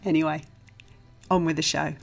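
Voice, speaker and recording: A woman's voice: low-pitched, level tone, normal speed, gravelly, soft background music. A woman hosting a podcast interview, chatty and friendly, laughing easily. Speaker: podcast host.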